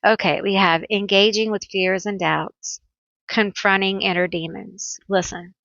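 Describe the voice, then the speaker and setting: A woman reads tarot at an unhurried pace and tells chatty, playful stories with teasing nicknames. The sound is close and dry, with a slightly dull, lo-fi quality. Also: mid-range voice, fairly even intonation, creaky, fairly bright tone, dry recording. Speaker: tarot card reader. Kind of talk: pick-a-card tarot reading.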